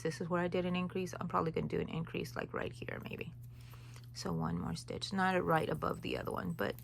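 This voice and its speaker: A woman's voice: on the low side, a bit bright, slight background noise. A woman hosting a crochet tutorial, talking viewers through each stitch in a casual, rambling way with chatty asides. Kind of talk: casual step-by-step tutorial chat.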